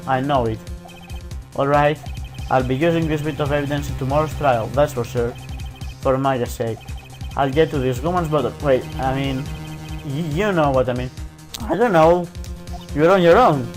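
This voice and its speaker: Man casually reading game dialogue. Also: mid-range voice. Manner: casual, self-mocking, mixes in "dude" and "like". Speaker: let's play commentator. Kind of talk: reading game dialogue aloud with jokey asides.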